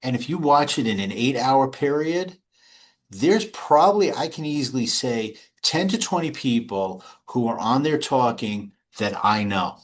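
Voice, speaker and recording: Middle-aged man, interview guest, relaxed storyteller prone to restarts and chuckles. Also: mid-range voice, unhurried. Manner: rambling, anecdotal, frequent restarts and laughs. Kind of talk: casual interview talk. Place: home or office.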